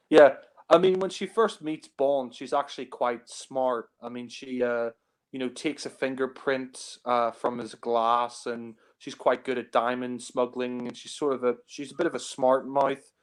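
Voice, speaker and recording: A man's voice: mid-range voice, steady tone, unhurried. Rambling man chatting about films. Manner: rambling, heavy on fillers, laughs often. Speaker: film reviewer. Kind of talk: casual film discussion.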